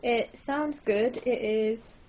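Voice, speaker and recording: A woman's voice: on the high side, slow pace, darkish tone, slight background noise. A woman vlogging a casual book review, hyper and giggly, rambling with lots of apologetic asides.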